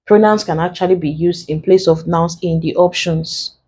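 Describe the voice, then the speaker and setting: A woman's voice: fairly low pitch, steady tone, moderate pace, darkish tone, slightly rough. A woman teaching an exam prep lesson, going through the steps one at a time and repeating the key points. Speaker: exam tutor.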